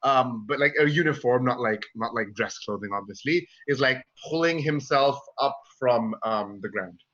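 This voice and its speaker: A man acting as game master of a tabletop game, talking in a halting way with many fillers and restarts. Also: mid-range voice, a bit bright, muffled recording.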